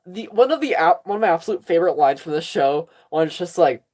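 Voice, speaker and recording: A woman chats through a casual fan livestream, her voice sitting a little low. She rambles from thought to thought, giggling often and pausing to cough. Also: expressive, a little mellow. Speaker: livestream host.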